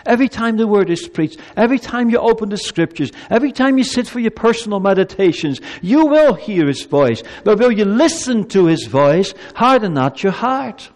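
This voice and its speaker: Impassioned high-pitched preacher in an echoing hall. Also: male voice, very animated, normal speed, hardly any pauses. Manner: impassioned, pleading, swings between loud emphasis and hushed solemnity. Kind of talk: evangelistic sermon.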